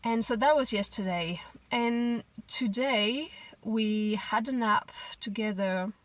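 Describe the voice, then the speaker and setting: A young mother telling a personal parenting story to camera in a gentle, reflective way, often restarting her sentences. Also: on the high side, takes it slowly, dry recording, recorded from a distance, poor audio. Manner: reflective, gentle, with frequent restarts and soft quoted asides.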